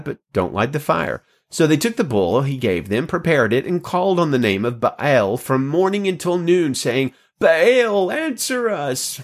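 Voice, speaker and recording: Expressive man reading scripture aloud. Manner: dramatic, voices the quoted speakers with shifting pitch; self-corrects small slips. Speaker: scripture reader.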